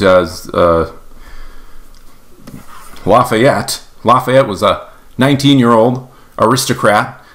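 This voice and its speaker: A man, an author, playfully retelling a history story in a casual, animated way. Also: medium pitch. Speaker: author telling his book's story.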